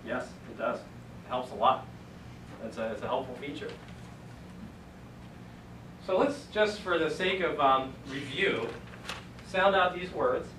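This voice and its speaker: A man with a medium-pitched voice gives a casual Greek lecture to a class, explaining patiently step by step. He is animated but unhurried and pauses often. A distant camera captures him in an echoey classroom with background noise.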